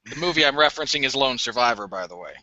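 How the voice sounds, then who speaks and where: A man's voice: medium pitch, animated, rapid-fire, pushed and bright, no room sound. A man co-hosting a podcast, ranting sarcastically about a movie in casual chat. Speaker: podcast co-host. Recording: dull lo-fi dry audio.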